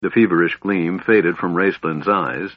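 A man narrates a fantasy audiobook with a lowish, husky voice and measured pacing. The recording is dry and a bit dull, with no room sound. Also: dry recording.

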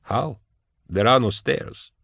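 A man voicing a possessing male mentor in an audiobook, soft and questioning. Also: medium pitch, slow, vocal fry, husky, no echo, studio quality, voice pushed up, heavily acted. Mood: wry. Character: male mentor's voice speaking through a woman.

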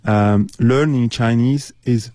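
A man's voice: medium pitch, slow, warm tone. A man from Turkey, a guest on a radio interview, speaking earnestly with many hesitations. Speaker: studio guest. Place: radio studio.

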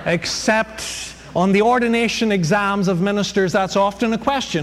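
A man's voice: sits high, moderate pace, hardly any pauses. A man giving a humorous Bible lecture to an audience, chatty and digressive, with many fillers and jokes. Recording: long hall reverb, faint noise.

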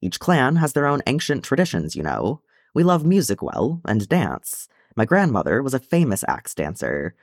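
A man's voice: medium pitch, huge pitch swings, moderate pace, no echo, clean studio sound, pitched above the performer's own voice. A man voicing a proud dwarf telling of his clan's old ways, reading an audiobook. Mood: proud, fond.

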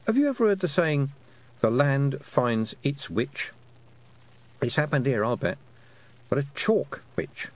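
A man voicing a brisk, sharp-tongued woman who is a witch and a teacher, lecturing precisely in an audiobook. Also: medium pitch, pitched above the performer's own voice. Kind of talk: audiobook character voice.

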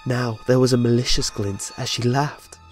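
A man narrates a first-person horror story in a tense, dramatic manner. His voice sits at an ordinary mid pitch, and soft music plays faintly underneath. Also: fairly even intonation, moderate pace.

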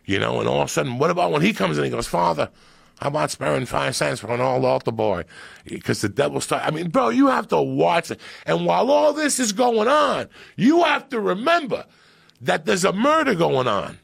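A man with a gravelly voice telling animated, profane stories as a podcast guest and acting out movie quotes. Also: high voice, a little fast, no room sound. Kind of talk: profane storytelling.

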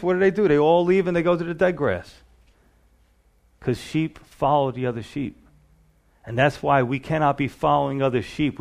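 A man preaching a sermon in an earnest, conversational way, often asking the listeners questions. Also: medium pitch.

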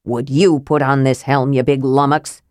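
Woman voicing gruff old male dwarf, testy, stubborn, low, dry audiobook sound. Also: little pitch movement, moderate pace, a little mellow, no echo. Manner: gruff, grumbling.

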